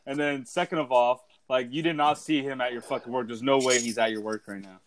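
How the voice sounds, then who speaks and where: A young man hosts a casual podcast and tells anecdotes with a loose, profane flow. His voice sits in a plain middle pitch. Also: a little fast. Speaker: podcast host.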